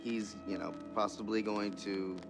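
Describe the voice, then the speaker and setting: A man in his twenties giving halting, reflective testimony about surviving a robbery, in a documentary interview. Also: lowish voice, fairly even intonation, over music, low-quality recording. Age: 20s. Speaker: survivor telling his story.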